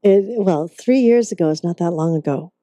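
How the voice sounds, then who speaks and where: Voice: medium pitch, expressive, a little fast, dark tone, dry recording, studio quality. An interviewer adding brief, encouraging interjections in a casual interview.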